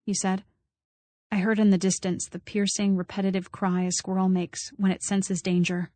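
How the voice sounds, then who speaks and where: A woman's voice: mid-range voice, little pitch movement, normal speed, mellow, no echo, clean studio sound. A woman narrating an audiobook, reading prose and acting out quoted voices with small shifts. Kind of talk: scripted narration.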